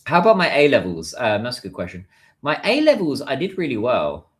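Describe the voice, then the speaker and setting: A man's voice: medium pitch, wildly swooping pitch, fairly quick. A British man hosting a casual livestream, chatting and answering viewer messages. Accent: British English. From United Kingdom. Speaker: livestream host.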